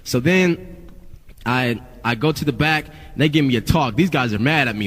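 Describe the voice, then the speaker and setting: A man's voice: medium pitch, moderate pace, a bit bright, a little hiss or hum. A male rapper telling a story in a casual, rambling, profane way, full of "you know". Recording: long reverb.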